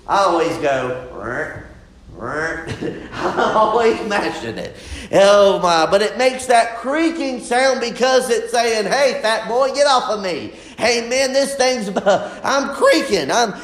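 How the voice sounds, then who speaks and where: A high, animated male preacher who swings between shouted exclamations and laughing asides. He delivers his sermon at an unhurried pace, with the sound ringing around an echoey church room.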